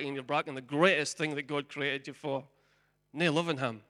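A man preaching a sermon as a pastor. He swings between loud, forceful preaching and soft, whispered pleading. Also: high voice. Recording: long hall reverb.

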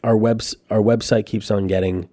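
A man's voice: lowish voice, level tone, moderate pace, dark tone, no room sound, clean studio sound. A man, a company founder and podcast guest, telling rambling, profane anecdotes in casual chat.

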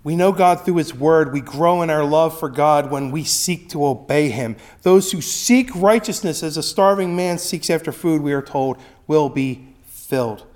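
High-voiced conversational male preacher. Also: moderate pace, a little mellow. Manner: conversational, with frequent tag questions. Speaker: pastor. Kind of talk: sermon.

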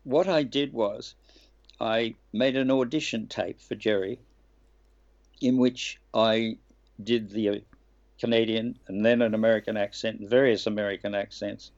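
An older man from Australia, a voice actor telling lively stories in an interview and laughing now and then. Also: medium pitch, measured pace, vocal fry. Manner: lively storyteller, laughs and acts out quotes. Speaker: guest voice actor. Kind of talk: anecdotal interview chat. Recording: dull lo-fi remote line.

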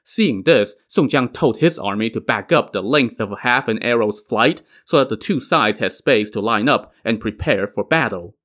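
A man's voice: mid-range voice, a bit bright. A man narrating a classic adventure tale in a conversational storytelling style, with casual asides to the listener. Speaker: storyteller, podcast host.

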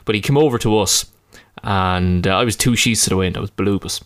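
A man's voice: on the low side, brisk, fairly bright tone, no room sound, clean studio sound. An Irish man chatting casually and telling stories, swearing and laughing often. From Ireland. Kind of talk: casual chat.

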